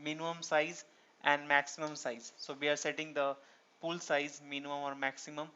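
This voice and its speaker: A man walks through a programming lesson, asking himself rhetorical questions and checking in with "right?" His voice is smooth and fairly high. The recording sounds dull and lo-fi. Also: level tone, normal speed, bright, forceful tone. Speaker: programming instructor. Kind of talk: screen-recorded tutorial lecture.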